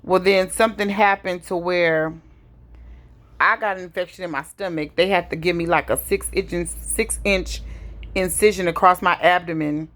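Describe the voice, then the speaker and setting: A middle-aged woman retelling a painful family loss in a casual personal story, slowly and heavily, with pauses and sighs. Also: fairly low pitch, fairly even intonation, fairly bright tone. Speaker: vlogger telling her story.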